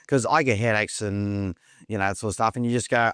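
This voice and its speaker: A man's voice: on the low side, steady tone, a little fast, fairly bright tone, smooth, no echo, clean studio sound. Rambling man telling his story. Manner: rambling, repeats words, acts out quoted dialogue. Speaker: podcast guest. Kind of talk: casual storytelling.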